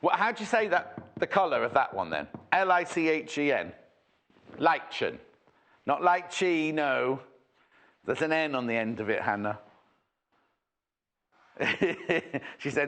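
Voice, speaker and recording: A man's voice: on the high side, sing-song, moderate pace, a bit bright. A man presenting a TV shopping show in a chatty, rambling, jokey way, full of asides. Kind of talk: chatty live sales presentation.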